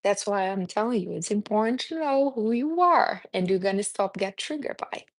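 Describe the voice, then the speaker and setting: A woman's voice: medium pitch, moderate pace. A woman speaking English as a second language, with a non-native accent, giving a casual motivational talk and calling her listeners honey. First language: not English. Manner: animated, calls listeners honey. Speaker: self-help speaker.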